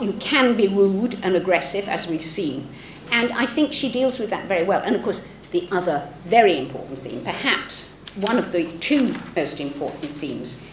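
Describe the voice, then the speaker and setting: A woman lecturer talks through a novel in a thoughtful, expressive way, her pitch moving freely. She pauses on fillers and restarts her sentences. The recording is roomy, a bit dull, with a faint background hum. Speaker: literature lecturer.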